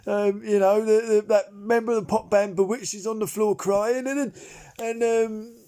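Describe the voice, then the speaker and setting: A man's voice: sits high, fairly even intonation, normal speed, warm tone, smooth, natural voice. A man playing Derek, a bumbling amateur chef, telling a rambling story full of restarts and fillers. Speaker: comedy character monologue. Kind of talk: improvised character monologue.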